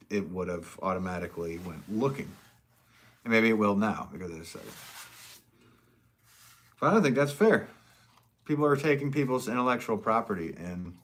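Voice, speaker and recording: A potter with a lowish voice chats casually with viewers on a live stream, rambling and chuckling often as he reads their comments.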